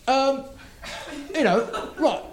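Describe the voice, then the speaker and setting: A man's voice: extremely high pitch, lively intonation, drawn-out words, slight background noise. A man, a shopping-centre Santa impersonator, telling a comic story in a rambling, hesitant way, laughing through his words.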